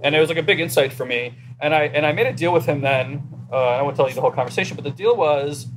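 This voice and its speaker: A man in a casual conversation, telling a personal story in an animated way and acting out his inner dialogue. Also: on the high side, quick pace, background noise.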